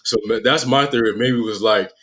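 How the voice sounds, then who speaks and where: A man's voice: mid-range voice, fairly quick, a bit bright. A man from New York chatting casually on a podcast, laid-back and slangy as he theorizes aloud.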